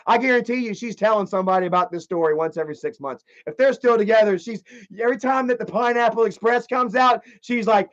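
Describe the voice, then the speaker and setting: A man streaming live, telling a story in a casual, rambling way, with lots of profanity and animated energy. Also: sits high, fairly quick. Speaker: livestreamer. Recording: slightly dull lo-fi stream audio.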